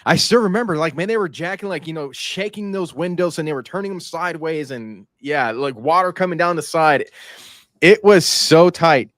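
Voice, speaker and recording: A man's voice: fairly high pitch, moderate pace, a bit bright, dry recording, studio quality. A man hosting a podcast and organizing competitions, chatting casually, laughing easily and restarting while he recalls details. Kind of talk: casual chat.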